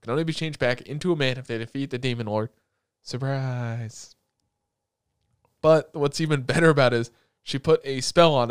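A man's voice: mid-range voice, clean tone, no echo, studio quality. Joking, crude young man chatting. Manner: animated, rambling and crude, with a joking tone. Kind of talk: casual chat.

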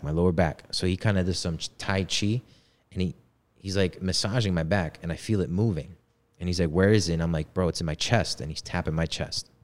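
A man's voice: sits low, a little mellow. A man in his twenties telling a personal story in casual, slangy talk. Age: 20s. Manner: laid-back slangy talk. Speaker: podcast guest.

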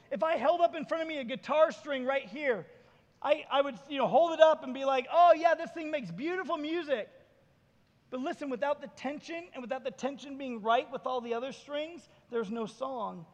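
A male pastor preaching a sermon, retelling Bible scenes with animated, acted-out dialogue. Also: extremely high pitch, long reverb tail, muffled recording.

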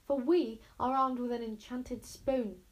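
A woman's voice: a little high, fairly even intonation, measured pace. A plucky young girl princess in a storybook, read by a woman. She speaks with urgent determination and a fair bit of stubbornness, and her voice stays close to the reader's own. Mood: determined.

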